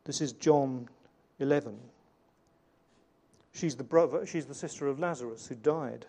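A man preaching a sermon in an earnest way, slowing down and changing his volume to stress key points. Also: mid-range voice, gravelly, mellow. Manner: earnest, varies volume for emphasis, slows on key lines.

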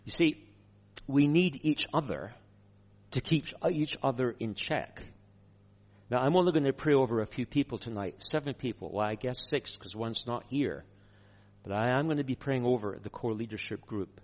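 A man preaching a sermon, telling a personal story in a lively way with chuckles. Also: medium pitch, normal speed.

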